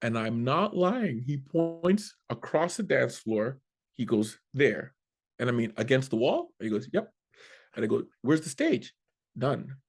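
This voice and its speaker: A man in a relaxed interview spins a long comic story, his voice sitting at an everyday middle pitch. He jumps into the voices of the people he quotes and swears casually as he goes. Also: measured pace, breathy edge. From Canada. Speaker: guest comedian.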